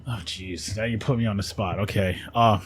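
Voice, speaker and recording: A man with a fairly low voice talks easily as a guest in a radio studio. His speech rambles and he laughs often. The tone stays casual and unhurried. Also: steady tone, slight background noise. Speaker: guest, actor and voiceover artist. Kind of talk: casual conversation.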